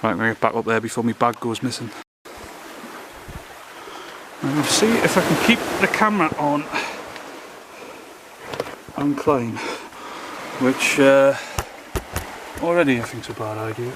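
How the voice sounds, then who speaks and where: A man's voice: mid-range voice, expressive, normal speed, pauses often. A man, out of breath, chatting casually to his camera while scrambling along a rocky coast; he swears freely and mocks himself. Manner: chatty, swears a lot, self-mocking. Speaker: outdoor vlogger. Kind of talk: casual self-filmed commentary. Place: rocky sea coast outdoors. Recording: noisy outdoor camera audio.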